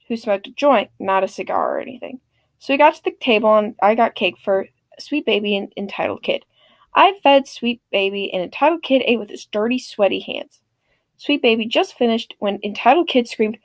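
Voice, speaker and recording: A woman narrating a story with a high, very animated voice that leaps up and down. Her delivery is expressive and sarcastic, recorded dry and close. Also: moderate pace, no room sound. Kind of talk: storytelling narration of online stories.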